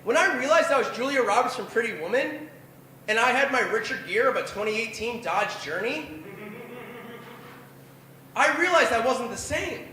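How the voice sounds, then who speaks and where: A man in his twenties spins a profane, self-deprecating story at a bar open mic night. His voice sits very high and sounds bright and forceful. The room is strongly echoey, with a faint hum of noise behind him. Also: lively intonation, moderate pace, pauses often. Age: 20s. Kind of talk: stand-up storytelling.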